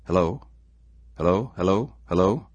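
A man's voice: low voice, animated, a little slow, no echo, dull audio, pitched above the performer's own voice. A man voicing a puzzled male archaeologist who calls out questions on the phone.

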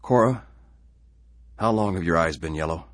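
A man's voice: sits low, moderate pace, no room sound, voice pushed up, lightly acted. A man voicing an anxious, stubborn settler who is driven by fear. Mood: uneasy.

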